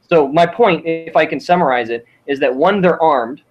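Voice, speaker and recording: Measured, slightly high-voiced man debating. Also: dull audio, faint music behind. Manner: measured, rephrases and summarizes, swears casually. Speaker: podcast co-host. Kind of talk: casual political debate.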